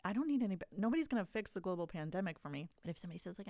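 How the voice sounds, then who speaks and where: A woman hosting a podcast, talking in a warm, expressive way with emotional emphasis. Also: mid-range voice, very fast, no echo, clean studio sound. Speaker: podcast host. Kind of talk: casual conversation.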